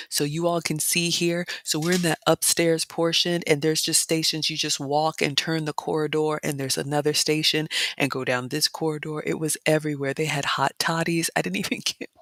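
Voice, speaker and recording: A woman vlog host walking viewers through a brunch buffet, chatting casually, reading comments aloud and often dropping into soft excited whispers. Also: low voice, no echo. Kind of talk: casual live-stream walkthrough.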